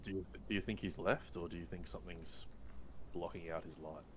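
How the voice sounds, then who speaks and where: A man's voice: deep voice, steady tone, brisk, a little hiss or hum. A man playing a tabletop role-playing game, asking earnest, probing questions in and out of character. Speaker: player.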